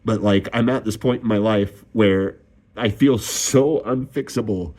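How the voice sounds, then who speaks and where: Speaking slowly in a fairly low, darkish voice, this young man vlogs a raw confession. He curses, sighs a lot, and his voice rises and falls with his distress.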